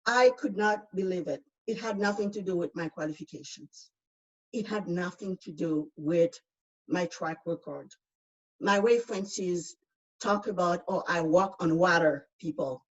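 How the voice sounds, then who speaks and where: A woman's voice: lowish voice, a little slow. Outspoken accented woman, distant muffled line. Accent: foreign accent. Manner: outspoken, emphatic. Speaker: panel speaker. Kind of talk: personal testimony in a panel discussion.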